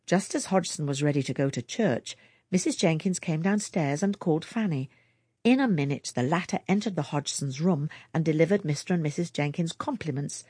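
Husky woman reading a story. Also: sits low, darkish tone, no echo, studio quality. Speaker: audiobook reader. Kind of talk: scripted narration.

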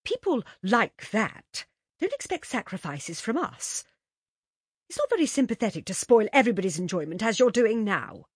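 A woman reading a story aloud, voicing a genteel middle-aged mother whose drawn-out, indulgent talk turns coldly firm. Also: mid-range voice, sing-song, slightly rough, no echo, clean studio sound, voice pushed up.

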